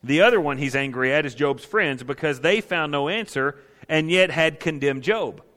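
A man's voice: a little high, normal speed, fairly bright tone. Emphatic male preacher in echoing hall. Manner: emphatic, repeats key phrases. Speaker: preacher teaching on counseling. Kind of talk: sermon. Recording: long reverb of a large hall.

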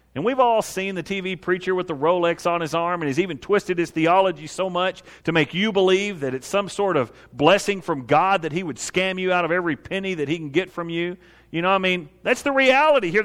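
Pastor, male, lively sermon storyteller, slightly high-pitched, long reverb tail from the room. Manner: animated storytelling, acting out biblical figures in a lowered voice.

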